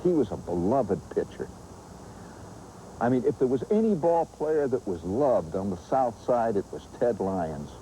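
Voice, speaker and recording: A man's voice: mid-range voice, measured pace, a little hiss or hum, poor audio. A man hosting and telling a humorous, nostalgic story with vivid asides. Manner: animated, nostalgic yarn-spinning with vivid asides. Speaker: host and storyteller.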